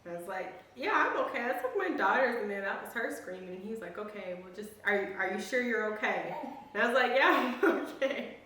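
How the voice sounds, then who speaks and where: A woman's voice: medium pitch, animated, fast talker, fairly bright tone, heavy reverb, far from the mic. A woman casually telling a family story, acting out the lines she quotes. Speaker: family vlogger.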